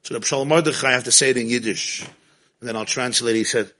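A man teaching a Torah class, telling stories in a lively way and mixing in Hebrew and Yiddish terms. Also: mid-range voice, quick pace.

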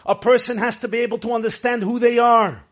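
Brief: high-pitched male Torah teacher, emphatic, storytelling delivery with Yiddish and Hebrew phrases. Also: steady tone, fast talker. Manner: emphatic, rises to shouts for stress. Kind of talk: Torah class lecture.

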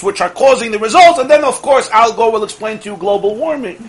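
Male religious teacher, higher voice, rhetorical questions, acts out quotes, mixes in Yiddish and Hebrew, chuckles between points. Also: poor audio. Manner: sprinkles in Yiddish and Hebrew words. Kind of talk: lively religious lecture.

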